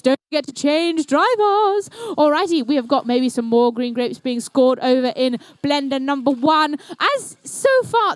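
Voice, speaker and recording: A woman's voice: sits high, darkish tone, dry recording. A young woman emceeing a robotics competition, giving live match commentary with playful, jokey asides. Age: young adult. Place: indoor robotics competition venue.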